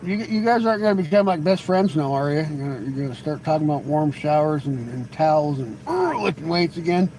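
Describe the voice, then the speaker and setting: A man's voice: on the high side, expressive, fairly quick, few pauses, darkish tone, slight background noise, rough recording. A man hosting a live stream, chatting casually with viewers in a rambling, teasing way, often stammering into restarts. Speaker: livestream host.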